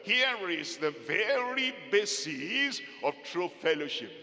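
A man preaching a sermon with emphatic, drawn-out phrasing and sudden loud rises. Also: high-pitched, very animated, long reverb tail.

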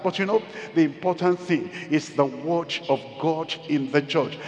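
A man preaching a sermon as pastor, repeating key phrases and building to loud, emphatic exclamations. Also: fairly high pitch, normal speed, hardly any pauses. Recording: long reverb of a church hall.

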